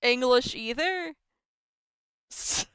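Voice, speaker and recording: A woman's voice: high voice, expressive, extremely slow, fairly bright tone, smooth, no echo, studio quality. A woman whose first language is Estonian or Russian, streaming a visual novel, reading dialogue aloud and stumbling, self-deprecating, over words.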